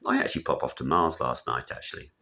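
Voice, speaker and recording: A man's voice: a bass voice, wildly swooping pitch, quick pace, creaky, sharp tone. A man delivering a blunt, opinionated monologue that wanders from point to point. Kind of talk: casual rambling monologue.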